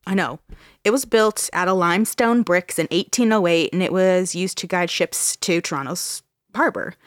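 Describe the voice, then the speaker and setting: A woman's voice: lowish voice, normal speed, no room sound, studio quality. A woman from Ontario hosting a casual podcast, telling a ghost story with frequent laughs and swearing. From Ontario, Canada. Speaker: podcast host.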